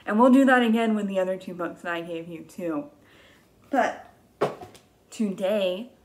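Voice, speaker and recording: Slow, expressive woman teacher reading aloud. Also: mid-range voice. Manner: slow, gentle and very expressive, with gasps and exaggerated excitement. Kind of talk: reading a picture book aloud to young children.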